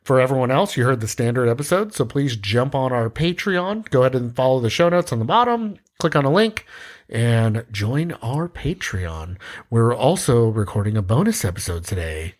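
A man's voice: mid-range voice, normal speed. A man hosting a podcast, reading the intro and then joking around in casual chat. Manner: playful, lively, jokey. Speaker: podcast host.

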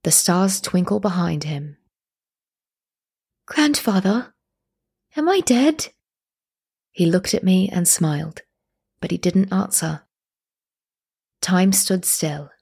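A woman reading a first-person story aloud as narrator, at a steady, measured pace. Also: on the low side, creaky, slightly rough.

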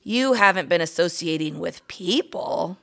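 A woman's voice: on the low side, lively intonation, a little slow, gravelly, a bit bright, full character voice. A woman voicing a fussy, worried mother mouse who scolds anxiously in a storybook reading.

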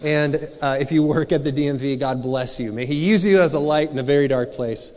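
A pastor with a brisk, darkish voice on the high side preaches a sermon in a conversational, searching way, full of rhetorical questions. Long hall reverb colors the recording.

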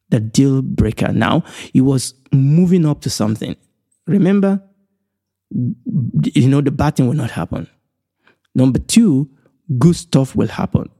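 A man in middle age from Nigeria teaches scripture on his podcast in a warm, mellow voice. He speaks at an ordinary pitch for a man, repeats his key ideas for emphasis, and counts off his points in order. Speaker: Bible teacher and podcast host.

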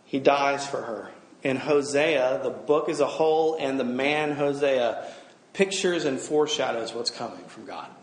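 A man's voice: mid-range voice, a little slow, echoey room. A middle-aged man giving a sermon to a gathered audience, talking casually, joking and asking the room questions. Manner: conversational, humorous, asks the room questions. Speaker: campus minister.

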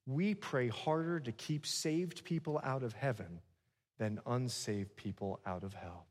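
A man preaching a sermon to a congregation, swinging from hushed lines to loud ones and slipping in humorous asides. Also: mid-range voice, a little slow, in a large hall. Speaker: pastor.

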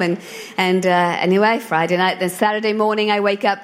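A middle-aged woman preaching to a church congregation, chatty and animated as she tells a personal story. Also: medium pitch, fairly quick, a little hiss or hum. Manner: conversational, animated storytelling with acted quotes. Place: church hall before a congregation.

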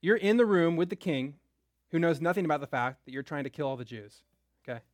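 A young man with a high voice walks listeners through a Bible story. He talks casually and keeps checking in with "right?". The sound is close and dry. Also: lively intonation, brisk, no room sound. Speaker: Bible teacher. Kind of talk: lively Bible lesson.

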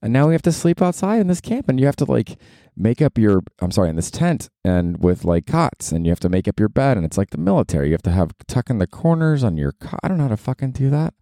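A man in his forties from Florida telling a story on his podcast, casual and profane, jumping into high exasperated outbursts. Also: quick pace, no room sound, studio quality. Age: 40s. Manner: animated, swearing, swooping up into high exasperated outbursts. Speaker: podcast host.

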